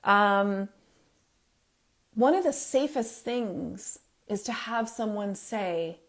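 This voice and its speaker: A woman's voice: mid-range voice, lively intonation, slow. A middle-aged woman giving earnest, emphatic advice to parents, with fillers and restarts. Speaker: parenting coach.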